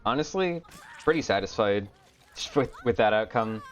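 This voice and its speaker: A man streaming a game, talking to himself in a low-energy, grumbling way and swearing often. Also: expressive, normal speed, slight background noise. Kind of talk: casual gameplay commentary. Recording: dull lo-fi stream audio.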